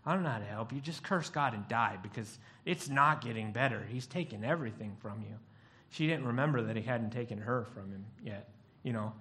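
A male pastor giving a sermon, telling stories and acting out the voices of the people in them. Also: medium pitch. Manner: animated storytelling, acts out voices.

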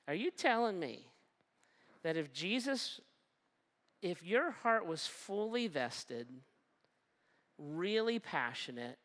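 A pastor preaching a sermon and telling a humorous personal story, acting out the dialogue and slowing down for emphasis. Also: medium pitch, fairly bright tone.

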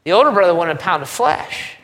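Animated preacher in a reverberant sanctuary. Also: male voice, high voice, brisk. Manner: conversational, animated, joking asides. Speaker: pastor. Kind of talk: sermon. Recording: long reverb of a large hall.

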